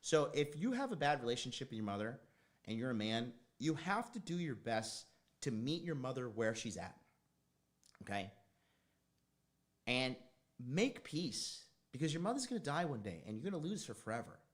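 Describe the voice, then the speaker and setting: A man's voice: medium pitch, sing-song, moderate pace. A man hosting a casual livestream as a dating coach, talking bluntly, rambling off on tangents and swearing now and then. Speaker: dating coach and show host.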